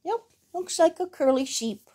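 A woman's voice: extremely high pitch, expressive, unhurried, dark tone. A woman reading a bedtime picture book aloud at home, stopping for chatty asides to her dog. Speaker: reader of a children's picture book.

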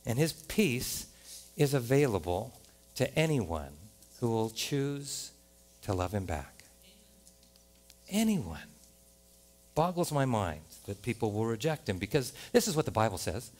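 A man with an American accent preaching a sermon as a pastor in a church, animated, often rising to loud exclamations and playful rhymes. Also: medium pitch, a little slow, long pauses. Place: church sanctuary.

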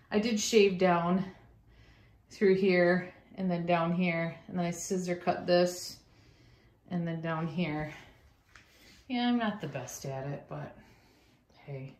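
A woman's voice: lowish voice, slow, long pauses. A middle-aged woman chatting casually on camera as she grooms her dog at home, often slipping into a sing-song voice to talk to her pets. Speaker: pet vlogger. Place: home grooming area indoors. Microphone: handheld phone camera.

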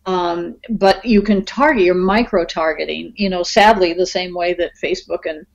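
A woman's voice: fairly low pitch, moderate pace, gravelly, lo-fi sound. A woman guest screenwriter talking casually in a podcast interview, chatty, with many fillers and easy laughs. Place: in Los Angeles.

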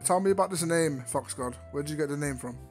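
A man hosts a loose, joking interview, stumbling and repeating words as he teases his guest. His voice sits a bit high for a man. Faint music plays behind him. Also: fast talker. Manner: laughing, teasing, stammers and repeats words. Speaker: interview host. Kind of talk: casual comedic interview. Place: virtual world game chat.

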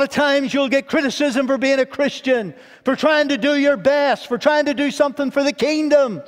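A male pastor preaching a fervent sermon in a church, swinging from loud high exhortation down to quiet low tones. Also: normal speed, few pauses. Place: church sanctuary. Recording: long church reverb.

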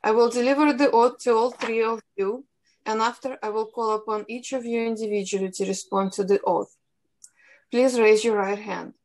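Russian accent lady reading out hearing rules on a zoom call, formal and steady. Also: on the high side, rough recording. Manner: measured, formal. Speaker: hearing moderator, policy analyst. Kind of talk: reading procedural instructions. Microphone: video call.

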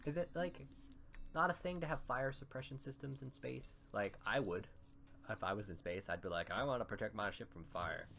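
A man casually commenting on his own gameplay, chatty and getting loud and excited when things go wrong. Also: medium pitch, normal speed, vocal fry, a little hiss or hum. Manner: chatty, gets loud and excited during fights. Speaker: gaming channel host. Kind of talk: let's play commentary. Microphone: desktop mic with face cam. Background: game music.

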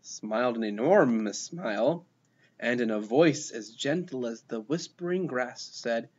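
A man reading a children's picture book aloud, expressive and playful, giving the characters their own voices. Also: mid-range voice, a little slow, breathy edge, dull audio. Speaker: storybook reader.

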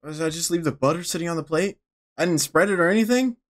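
A man's voice: on the high side, fast. A young man giving joking, profane commentary while playing horror games, answering the characters on screen. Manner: joking, profane, talks back to the game. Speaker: gaming YouTuber. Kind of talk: let's-play commentary.

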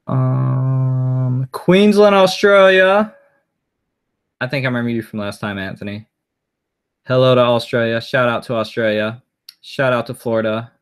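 A man's voice: mid-range voice, level tone, normal speed, clear, resonant tone. A man chatting casually on a live stream, rambling and answering viewer comments aloud as he goes.

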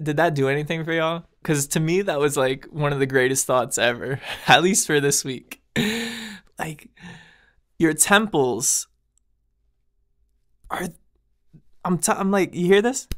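A man's voice: on the high side, fairly bright tone. Earnest man musing on his podcast. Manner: earnest, laughs often, slangy asides to listeners. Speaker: podcast host. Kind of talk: casual spiritual monologue.

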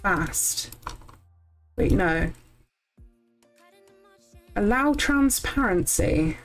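A young woman, chatting casually while live-streaming a farming game, thinking out loud and swearing when things go wrong. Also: medium pitch, animated, drawn-out words, faint music behind, low-quality recording.

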